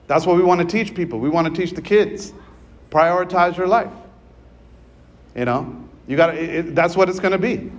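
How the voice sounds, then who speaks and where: High-pitched guy preaching in church, chatty and earnest, keeps saying "right?". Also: moderate pace, long pauses, dull audio. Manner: earnest, conversational preaching with frequent "right?" asides. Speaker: priest. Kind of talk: sermon.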